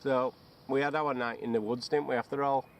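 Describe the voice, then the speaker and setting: A man's voice: fairly even intonation, a little fast, gravelly, slight background noise. Joking Runcorn-accented man outdoors. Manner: joking, swears freely, bursts into high silly chants. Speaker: bushcraft veteran. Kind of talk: casual outdoor banter. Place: outdoors in woodland.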